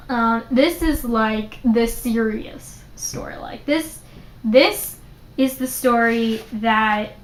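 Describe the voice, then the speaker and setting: A chatty young woman with a fairly high voice records a casual book review vlog in an echoey room. She retells the story animatedly, dropping many "like" fillers.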